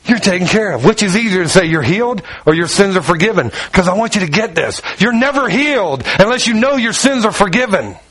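A man preaching a sermon with a fairly high voice. He tells the story with lively energy, acting out each character's lines as he paces about. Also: fairly quick, few pauses, slightly rough, rough recording. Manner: walks around while preaching.

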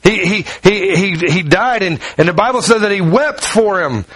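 A man's voice: high voice, animated, moderate pace, few pauses, fairly bright tone, no echo, low-quality recording. A man preaching a sermon in a conversational way, often repeating words as he tells stories.

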